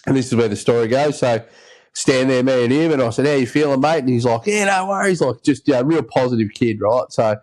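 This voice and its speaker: A man's voice: mid-range voice, fairly even intonation, a little fast, darkish tone. Australian man spinning a rambling yarn. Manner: rambling yarn-spinner, acts out quoted voices. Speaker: podcast host. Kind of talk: casual storytelling chat.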